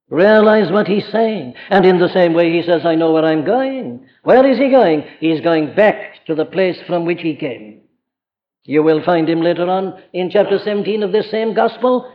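A man's voice: a little high, in a large hall. Man, Welsh accent, preacher, emphatic sermon, muffled old recording. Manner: earnest, emphatic, direct address to listeners. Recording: dull lo-fi archive recording.

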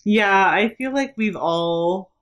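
A woman co-hosting a podcast, chatting in a relaxed, agreeable way and laughing along. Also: mid-range voice, slow, lo-fi sound. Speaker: podcast co-host. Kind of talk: casual chat.

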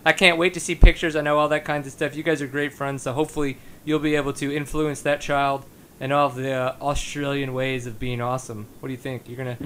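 A man's voice: medium pitch, flat delivery, fast, fairly bright tone, a little hiss or hum. A man hosting a casual podcast interview, joking and enthusiastic. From United States. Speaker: podcast host.

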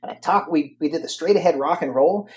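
Upbeat, slightly high-voiced man co-hosting. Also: quick pace, highs cut off. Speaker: radio show co-host, voiceover artist. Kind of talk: casual music chat.

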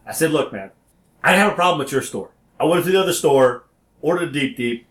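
A man telling a story in an animated way, acting out phone calls and sometimes rising to a shout. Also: medium pitch, quick pace, reverberant.

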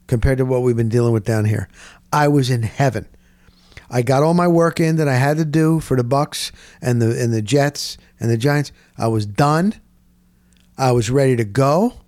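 A middle-aged man, telling a rambling story in casual chat, dropping "boom" into his sentences. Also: dry recording. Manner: animated, punctuates with "boom". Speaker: sports radio co-host.

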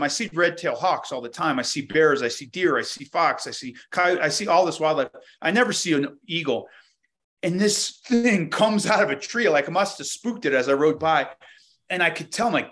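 A man's voice: fairly high pitch, a bit bright. A man being interviewed as a guest, talking reflectively and telling stories with frequent restarts. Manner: reflective storyteller, many restarts. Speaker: guest, inventor. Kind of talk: casual interview conversation.

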